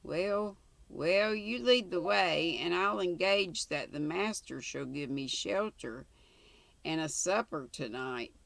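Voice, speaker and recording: A woman reading a brisk, determined young traveler. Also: lowish voice, gravelly, fairly bright tone, no echo, heavily acted. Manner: earnest, brisk. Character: young male traveler lost in snow, determined.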